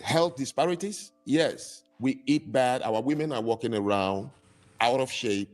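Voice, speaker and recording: A man's voice: medium pitch, a little slow. Sardonic male panelist from Africa. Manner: listing points, sardonic. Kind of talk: casual live-stream debate.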